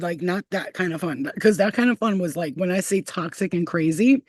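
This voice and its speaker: A woman's voice: on the low side, fairly quick, hardly any pauses, darkish tone, no room sound. Brief: woman in her thirties, livestream host, candid storytelling full of cursing and laughter, dry close sound. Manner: blunt, profane, laughs often. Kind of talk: casual storytelling to live chat.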